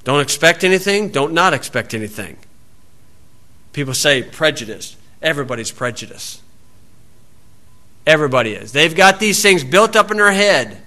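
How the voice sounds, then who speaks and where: A man preaching a sermon in a folksy storytelling way, acting out the people in his stories and shouting out scripture. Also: fairly high pitch, big pitch swings, moderate pace, pauses often. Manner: folksy storytelling, acts out voices, loud shouted quotes.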